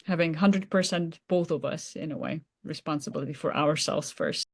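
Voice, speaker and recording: A woman's voice: low voice, moderate pace. A woman co-hosting a podcast interview, answering with brief, agreeing remarks. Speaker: podcast co-host. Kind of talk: casual interview talk.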